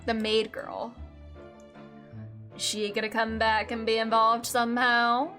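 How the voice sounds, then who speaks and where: High-voiced woman streaming a game. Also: completely flat delivery, measured pace, bright, forceful tone. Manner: chatty, reacting aloud. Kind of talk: casual gameplay commentary. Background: game music.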